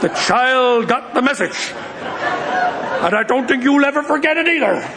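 A man leading a Bible study in an animated, joking storytelling manner. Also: extremely high pitch, normal speed, over a noisy crowd, heavy background noise. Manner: animated, jokey, addresses listeners as guys. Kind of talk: informal sermon with storytelling.

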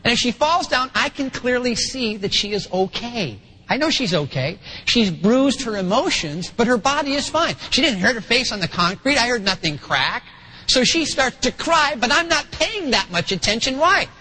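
High-voiced, bright-toned man preaching. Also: moderate pace, rough recording. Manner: animated preaching, acts out quoted voices. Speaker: pastor. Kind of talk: sermon.

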